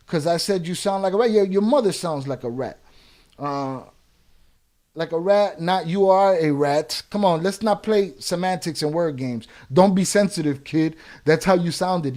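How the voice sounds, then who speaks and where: A man's voice: high-pitched, a little mellow. A man hosting a live reaction stream, reading chat comments aloud and firing back in profane street slang with a Chicago accent. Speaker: reaction channel host.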